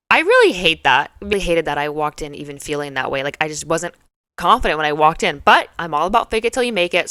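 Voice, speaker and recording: A young adult woman hosting her show, telling a story in a chatty, animated way full of fillers. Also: on the low side, dry recording, studio quality. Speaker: podcast host. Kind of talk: casual storytelling.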